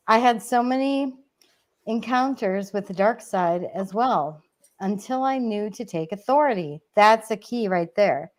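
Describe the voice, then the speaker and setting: A woman's voice: mid-range voice, animated, takes it slowly. A woman co-hosting a casual online chat, telling personal stories and reading viewer comments, getting emotional and laughing often. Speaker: co-host.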